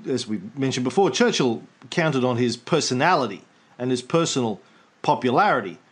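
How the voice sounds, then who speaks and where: A man's voice: medium pitch, animated, moderate pace, husky. A man co-hosting a podcast, chatting casually and irreverently about history and swearing freely. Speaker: podcast co-host.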